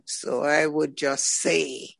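A man in a group bible discussion, speaking deliberately and firmly. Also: fairly high pitch, steady tone, creaky, a bit bright, no room sound. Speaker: bible study participant.

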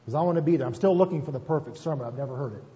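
Male pastor, folksy conversational sermon, higher mellow tone; lo-fi reverberant sanctuary recording. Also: rapid-fire. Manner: folksy, asks "right?" often, self-deprecating asides. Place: church sanctuary. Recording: muffled, echoey church hall recording.

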